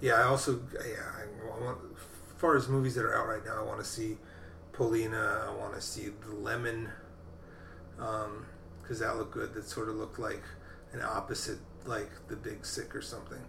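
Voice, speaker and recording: A man's voice: on the low side, little pitch movement, moderate pace, creaky, bright, forceful tone, reverberant, a little hiss or hum. A man co-hosting a podcast, casually talking about movies in a rambling way that keeps restarting. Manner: rambling, self-interrupting. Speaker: podcast co-host. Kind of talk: casual film chat.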